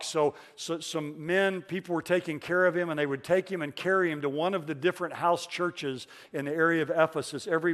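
A man's voice: fairly high pitch, big-room sound. A man preaching a sermon as pastor, earnest, repeating key phrases for emphasis with touches of humor.

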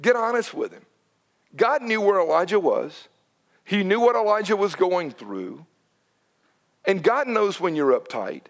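Animated preacher man, higher voice. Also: a little slow, long pauses. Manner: animated, swings from loud to hushed. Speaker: pastor. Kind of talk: sermon. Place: church sanctuary.

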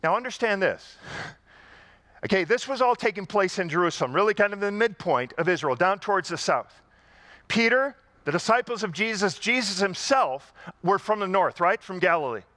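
Bright, high-voiced man preaching. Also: animated, moderate pace, no room sound. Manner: conversational preaching, rhetorical questions, emphatic repetition. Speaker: pastor. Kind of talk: sermon.

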